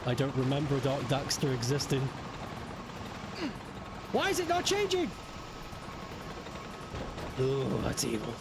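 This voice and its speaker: This young British streamer has a mid-range voice and is very animated but a little slow, leaving long pauses against a noisy background. Chatty and laughing with his viewers, he jokes and swears casually through his gameplay commentary while game music plays behind him.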